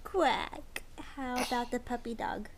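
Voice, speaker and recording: A woman's voice: high-pitched, lively intonation, a little slow, a little hiss or hum. A woman in a home video coaxing a toddler with sing-song baby talk and repeated questions. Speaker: family member coaching a toddler.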